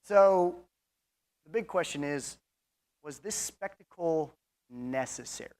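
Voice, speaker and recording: A man's voice: fairly high pitch, lively intonation, takes it slowly, a little mellow. A man teaching a Bible class in a casual, chatty way, reading scripture passages aloud between his own comments and asides. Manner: conversational, chatty, with asides and fillers.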